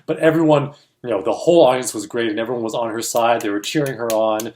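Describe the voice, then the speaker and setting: Animated man telling a story casually. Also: medium pitch, fast talker. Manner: animated storyteller acting out quoted voices, laughs often. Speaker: co-host of a film industry show.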